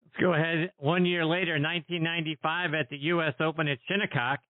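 A man's voice: on the high side, steady tone, fast, no echo. A male interview host reading a prepared setup for his question. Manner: brief, scripted setup of questions. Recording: dry, tinny phone-like line.

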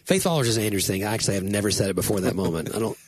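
Husky male pastor, casual chatty storyteller, pokes fun at himself, dry room. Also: on the low side, rapid-fire, dry recording. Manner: animated, self-deprecating, rambling storyteller. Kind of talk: casual chat.

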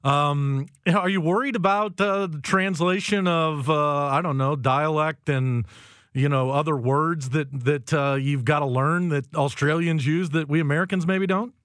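A man's voice: a little high, a little slow, a bit bright, no room sound. A man hosting a radio sports show, asking friendly, admiring interview questions in the studio.

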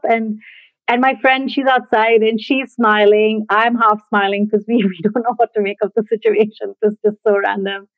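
A woman casually telling a personal story in a reflective, halting way, often laughing softly between thoughts. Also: a little high, steady tone, no room sound. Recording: dry, tinny phone-like sound.

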